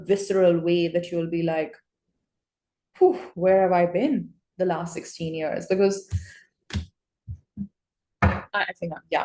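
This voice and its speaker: Woman tarot reader, lowish voice, gushing and excitable, roomy echo. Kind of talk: tarot reading to camera. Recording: echoey room.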